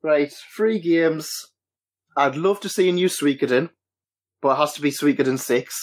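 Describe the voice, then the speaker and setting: A man's voice: fairly high pitch, moderate pace. A man hosting a casual podcast chat, hesitant with many restarts. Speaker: podcast host.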